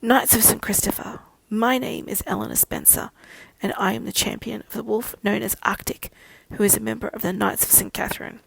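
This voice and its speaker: A woman voicing a young female werewolf pack leader who speaks with calm authority, gravelly and husky. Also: mid-range voice, fairly quick, hardly any pauses, dry recording, poor audio. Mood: formal.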